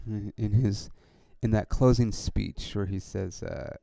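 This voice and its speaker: A man's voice: fairly low pitch, measured pace, gravelly, dark tone, no echo. A man hosting his own podcast, talking in a casual, rambling way with many restarts and frequent swearing. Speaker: podcast host and comedian.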